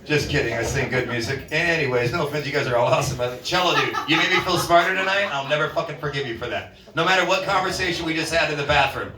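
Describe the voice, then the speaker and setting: A man's voice: fairly high pitch, quick pace, few pauses, sharp tone. A man from Alaska doing a stand-up comedy set at a bar open mic, rambling from one joke to the next with lots of profanity and self-mockery. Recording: roomy bar sound from a distance.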